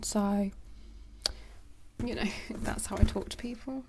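A woman chatting in a soft, rambling way for ASMR, moving between quiet speech and whispers and making jokes. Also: mid-range voice, steady tone, slow pace, pauses often, noisy background. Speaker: ASMR creator.

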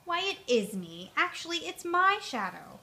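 A woman voicing a gentle, sleepy, slow-witted male bear in a storybook, soft and unhurried. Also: extremely high pitch, very animated, vocal fry, voice pushed up, heavily acted.

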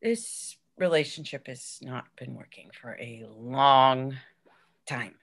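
A worn-out girlfriend who loves her cats more than her partner, as a woman puts her on, talking low and quiet in a flat, subdued way. she sounds tired of the whole thing. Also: brisk, gravelly, husky, heavily acted. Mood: weary. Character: weary cat-devoted girlfriend, quiet, low-key.

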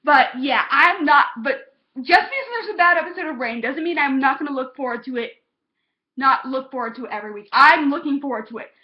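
A woman's voice: high voice, expressive, brisk. A young woman vlogging a heated, exasperated TV episode review, cursing when she gets passionate. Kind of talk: casual ranting review. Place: home, on a couch. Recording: dull lo-fi home recording.

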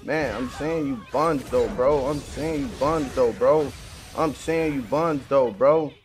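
A man commentating live gameplay on his channel, full of slangy trash talk, swinging from low mutters to excited yelling. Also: takes it slowly, faint music behind. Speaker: gaming channel host.

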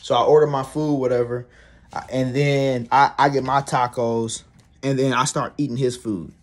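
A man's voice: mid-range voice, steady tone, normal speed. A young man venting in a casual, rambling monologue, swearing freely and sounding fed up. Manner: profane, rambling, exasperated. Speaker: vlogger.

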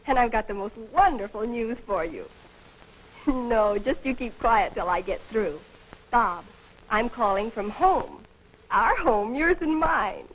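An actress playing a sweet, eager young newlywed wife in a 1940s film, talking in a gushing, affectionate way. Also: female voice, a little high, expressive, a little slow, a bit bright, husky, exaggerated voice. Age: young adult. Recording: dull old film soundtrack, faint hiss.

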